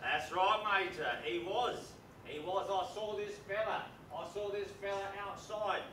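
A man's voice: high voice, measured pace, pushed and bright, slight background noise. A man on stage playing a stammering, shifty working man, recorded from far off in an echoey theatre. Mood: flustered. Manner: stammering, rambling. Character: bumbling shifty working-class handyman. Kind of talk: amateur stage acting.

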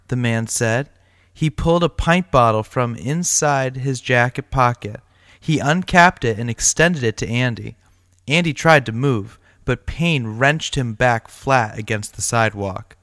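A male teacher reads a short story aloud in a steady, plain manner. His voice sits at a middle pitch. The sound is dry and close. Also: measured pace, dry recording.

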